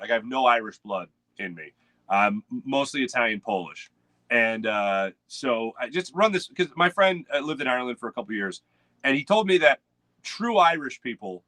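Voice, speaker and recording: A man's voice: mid-range voice, sharp tone, no room sound. A man hosting a casual live morning sports show, rambling and chatting with viewers by name. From United States. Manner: rambling, chatty, reads out chat names. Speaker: host. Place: home studio with webcam.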